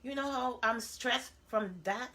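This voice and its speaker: A woman's voice: on the high side, measured pace, bright, forceful tone. Blunt, chatty woman in her forties. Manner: blunt, chatty, frequent rhetorical asides. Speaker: vlogger. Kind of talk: candid personal monologue.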